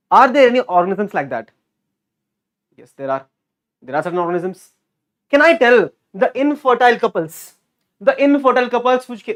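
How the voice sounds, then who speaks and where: A male teacher giving a lively online exam-prep lecture. He repeats key words and keeps quizzing his students. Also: high-pitched. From India.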